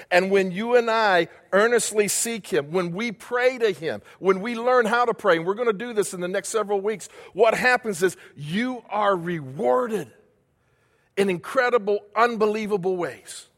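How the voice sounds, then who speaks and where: Male preacher with a high voice, repeating phrases for emphasis, heard in a reverberant church hall. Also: normal speed, a bit bright. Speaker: pastor. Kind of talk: sermon.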